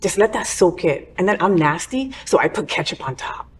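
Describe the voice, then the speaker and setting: A woman's voice: lowish voice, animated, brisk, a little hiss or hum. A woman hosting a casual talk show, chatty, sassy and gossipy. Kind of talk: casual chat.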